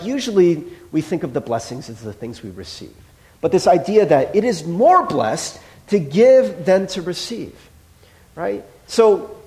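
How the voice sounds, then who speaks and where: A man's voice: high-pitched, darkish tone. A man preaching a sermon as pastor, chatty and playful, acting out little dialogues with the congregation.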